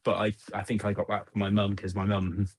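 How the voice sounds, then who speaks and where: A man's voice: on the low side, completely flat delivery, a little fast, husky. A middle-aged man with a Southern English accent from Oxfordshire, calling in and chatting casually, often repeating words and restarting. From Southern England. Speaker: caller. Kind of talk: casual chat.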